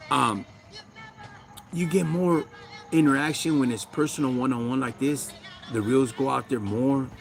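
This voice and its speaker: Speaking a little slowly in a mid-range voice with vocal fry, a man with a Chicano accent hosts a casual backyard livestream, ranting in street slang, preaching and replying to chat. Faint music plays behind him.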